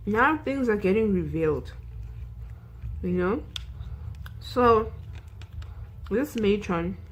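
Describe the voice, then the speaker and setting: A woman's voice: mid-range voice, lively intonation, slow, slightly rough, low-quality recording. A young South African woman vlogger recapping a film in a chatty way, saying "like" and "you know" a lot.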